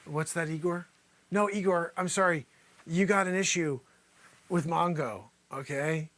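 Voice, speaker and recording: A man's voice: fairly high pitch, a little slow, a bit bright. A man hosting an improvised comedy news spot, rambling and teasing in a mock-anchor delivery. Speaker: comedy news show host.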